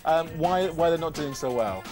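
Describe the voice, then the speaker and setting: A man's voice: a little high, lively intonation, moderate pace, over music. A man hosting a gossip news show, jokey and self-mocking as he banters with his guests. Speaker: host. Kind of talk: chatty showbiz news presenting.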